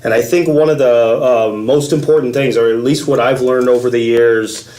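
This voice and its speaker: A man's voice: medium pitch, fairly even intonation, warm tone. Reflective man as a podcast guest. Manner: measured, reflective. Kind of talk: casual interview talk.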